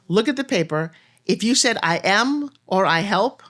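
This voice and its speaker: A woman guest on a podcast, telling stories and coaching in an animated way, acting out lines of dialogue. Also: moderate pace. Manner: animated storyteller, acts out dialogue with big pitch jumps. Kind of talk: fast-paced podcast conversation.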